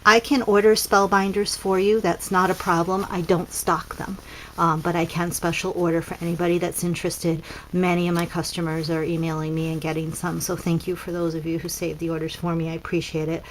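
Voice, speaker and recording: A woman's voice: fairly low pitch, flat delivery, a little fast, a little hiss or hum, low-quality recording. A woman casually demonstrating papercraft cards as a seller, chatty and pointing things out with frequent ums.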